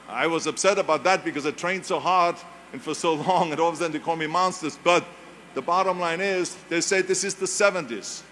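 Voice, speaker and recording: An older man whose first language is German, with an Austrian German accent, gives an emphatic motivational talk full of storytelling, mimicking other people's voices. His voice is a little high, a little fast, pushed and bright, with a little hiss or hum.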